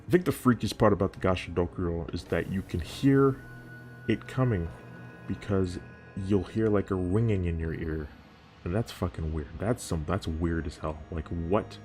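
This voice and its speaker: A man's voice: deep voice, normal speed, darkish tone, soft background music. A man talking casually to camera, rambling and profane, often restarting his sentences. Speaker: youtuber. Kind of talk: casual video commentary.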